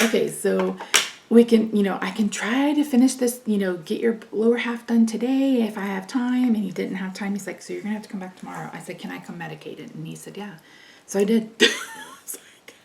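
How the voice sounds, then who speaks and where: A middle-aged woman with a heavily gravelly, fry-laden voice at a middle pitch, chatting casually to her viewers. She tells her story frankly and with exasperation, laughs often and acts out the lines of the people in it. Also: a little mellow. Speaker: vlogger. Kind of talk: casual storytelling while doing makeup.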